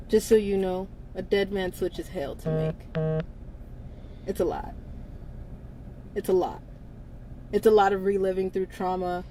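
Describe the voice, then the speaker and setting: A woman's voice: medium pitch, dark tone, slight background noise, rough recording. A woman hosting a casual livestream, talking bluntly with frequent swearing and laughter. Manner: blunt, profane, laughs often between lines. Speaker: livestream host.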